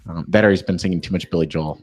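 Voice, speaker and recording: A man hosting a casual whiskey tasting call, joking and excitable as he chats. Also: low-pitched, rapid-fire, soft background music. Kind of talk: casual chat.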